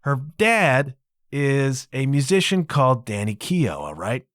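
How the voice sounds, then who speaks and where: Lively, emphatic male podcast host. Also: medium pitch, measured pace, no echo, studio quality. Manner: emphatic, conversational, keeps checking in with the listener. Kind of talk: solo podcast monologue.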